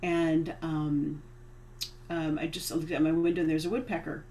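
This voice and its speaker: Low-voiced woman speaking haltingly. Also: level tone, noisy background. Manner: hesitant, many restarts and fillers. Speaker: guest speaker. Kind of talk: casual spiritual chat.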